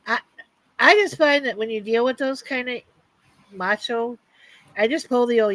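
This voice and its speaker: A woman's voice: medium pitch, moderate pace, low-quality recording. A woman hosting a casual chat, telling stories in a drawling way. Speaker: host.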